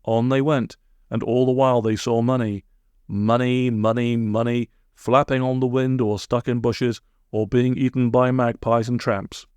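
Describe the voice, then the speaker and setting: A man reading a comic storybook aloud, with deadpan asides. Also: medium pitch, a little slow, clean tone, dry recording. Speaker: narrator.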